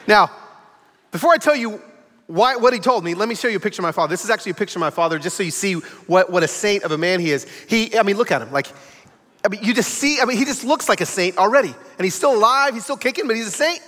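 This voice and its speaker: Animated high-voiced male preacher. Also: quick pace. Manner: animated, acts out voices in his stories. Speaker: guest preacher. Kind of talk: sermon storytelling. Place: church auditorium. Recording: echoey church hall.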